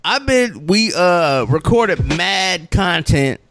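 A man hosting a casual podcast, playful and hyped, his voice still hoarse from being sick. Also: high-pitched, big pitch swings, takes it slowly, a bit bright, slight background noise. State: hoarse, recovering from illness. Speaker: podcast host.

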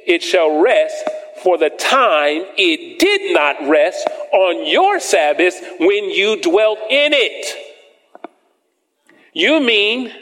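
A man preaching a sermon to a congregation, reading scripture slowly and emphatically and asking the listeners questions. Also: high voice, very animated, fairly bright tone. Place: church sanctuary with congregation. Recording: long hall reverb.

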